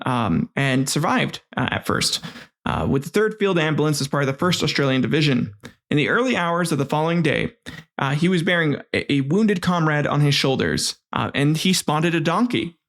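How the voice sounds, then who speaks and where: A man's voice: on the high side, a bit bright. A man hosting a comedic history podcast, narrating with irreverent, crude jokey asides. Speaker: podcast host.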